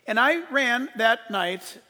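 A man in his sixties preaching a sermon and telling his story earnestly, his voice swinging from hushed to emphatic. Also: extremely high pitch, expressive, slow pace, big-room sound. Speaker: pastor.

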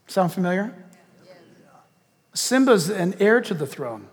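A male pastor preaching a sermon and leading a closing prayer, animated, hushing his voice to act out a villain's lines. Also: sits high, takes it slowly, pauses often, long reverb tail.

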